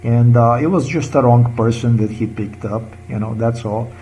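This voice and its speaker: Speaking English, a man from Slovenia in his 50s delivers a halting, emotional vlog monologue, pressing his point amid fillers and restarts; Slovenian is his native language. His mid-range voice is warm, faint music plays behind, and the recording quality is low.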